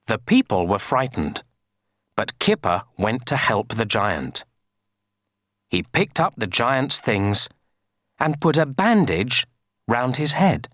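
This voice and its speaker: A woman reading a children's story aloud for an English lesson, slow and sing-song. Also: extremely low pitch, sing-song, dry recording, studio quality.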